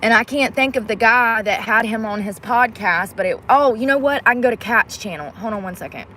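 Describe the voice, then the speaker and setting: A woman's voice: on the high side, fairly quick, bright, forceful tone, a little hiss or hum. A woman vlogging casually to her viewers, getting frustrated and cursing under her breath as she hunts for a video. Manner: frustrated, muttering and cursing while fiddling with a device. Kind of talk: casual vlog talk to viewers.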